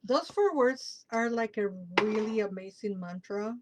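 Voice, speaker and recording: A woman hosts a casual live tarot reading, speaking slowly in a slightly high voice. She stresses key words by repeating them and laughs between lines. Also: lively intonation, darkish tone, slight background noise, low-quality recording. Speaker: tarot reader and show host.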